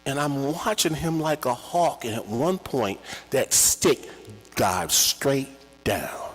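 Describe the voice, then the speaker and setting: A man performs a personal story live, his husky voice bright and full of wide swings in pitch. He talks in a theatrical, conversational way. The room gives a long, echoing reverb. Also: lively intonation, slow pace. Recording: echoey hall with long reverb.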